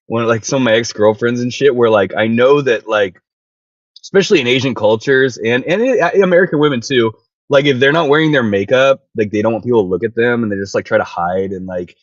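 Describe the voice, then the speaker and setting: A man's voice: mid-range voice, fairly quick, dry recording. A man calling into a livestream from his car, chatting casually in a rambling, profane way full of likes and fillers. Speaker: guest calling in. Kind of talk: casual chat. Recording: muffled lo-fi call audio.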